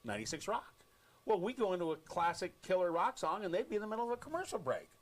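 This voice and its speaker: A man with an American accent, a radio host telling an animated story on air and acting out quoted lines. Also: sits high, quick pace.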